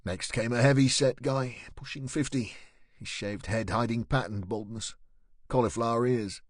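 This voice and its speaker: A man narrating a crime audiobook in a steady, measured way. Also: mid-range voice, no room sound, studio quality. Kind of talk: scripted narration.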